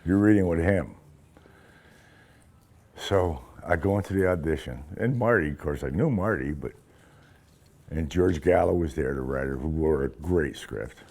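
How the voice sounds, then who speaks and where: An older man, an actor, telling animated, profane anecdotes in an interview and acting out the quotes. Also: a bass voice, moderate pace, pauses often.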